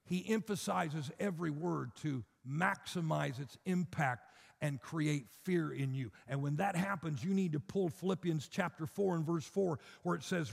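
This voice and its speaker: A man's voice: fairly high pitch, measured pace, vocal fry. A man preaching a sermon, emphatic and rhythmic, building through repeated phrases to bold declarations. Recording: long hall reverb.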